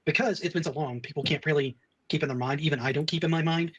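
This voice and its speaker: A man's voice: a little high, fast talker, fairly bright tone, slightly rough, muffled recording. A man on a gaming livestream, making an earnest, reasoned point in casual chat. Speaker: livestream guest.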